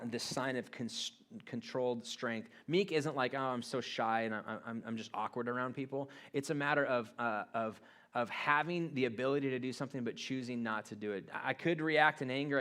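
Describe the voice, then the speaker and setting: A man's voice: mid-range voice, a bit bright. Man preaching in a casual sermon. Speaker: pastor. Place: church auditorium.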